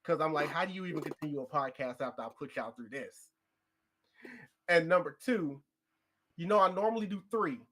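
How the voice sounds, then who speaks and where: This man runs a casual podcast conversation, teasing his guests and walking them through his thinking. His voice sits a little high for a man. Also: animated, brisk, long pauses, fairly bright tone, slight background noise. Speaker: podcast host.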